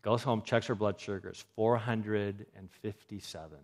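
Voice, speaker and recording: A man's voice: on the low side, moderate pace. A man giving a health talk, telling a story about a mother and acting out what people said. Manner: animated storyteller acting out quoted voices.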